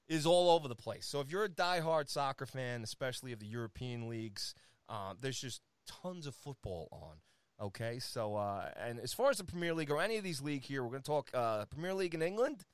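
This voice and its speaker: Energetic man running a sports rundown. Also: mid-range voice, a little fast, clear, resonant tone, no room sound. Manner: energetic and playful, lots of fillers, teasing his co-host. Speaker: sports segment host. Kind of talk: casual sports rundown on a talk show.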